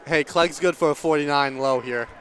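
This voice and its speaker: A man's voice: fairly high pitch, normal speed, slight background noise. Chatty man calling a track race. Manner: chatty, excitable, banters and argues playfully. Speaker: meet commentator. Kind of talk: casual live race commentary.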